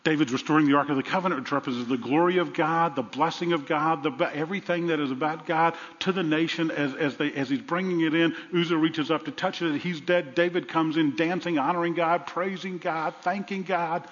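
Pastor, male, fairly high voice, lively preaching delivery, dull sound in a long-reverb sanctuary. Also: brisk, hardly any pauses. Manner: animated preaching, swings from loud to hushed. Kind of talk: sermon.

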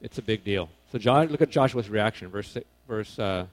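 A man preaching a casual sermon to young people, animated, swinging between loud emphasis and quiet asides, often correcting himself. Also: on the low side, moderate pace. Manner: casual, self-correcting, informal phrasing.

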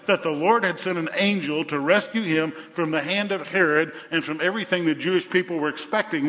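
An older man preaching a sermon, telling a Bible story with animated energy and acting out the voices. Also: on the high side. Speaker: pastor. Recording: echoey hall.

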